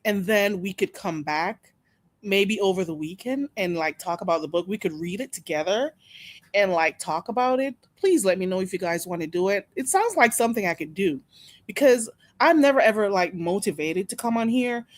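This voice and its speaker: Female streamer, chatty and gossipy, animated delivery, dry close mic. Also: medium pitch, moderate pace, no echo. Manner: chatty, gossipy, laughs often, reads out chat names. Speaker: live stream host. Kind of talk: casual live-stream chat with viewers.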